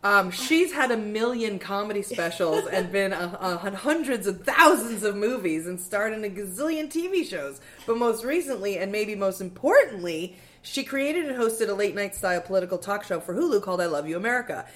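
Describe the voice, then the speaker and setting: A woman's voice: medium pitch, animated, fairly quick, hardly any pauses, a bit bright. A woman co-hosting a podcast in casual chat, laughing often and swearing freely. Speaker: podcast co-host.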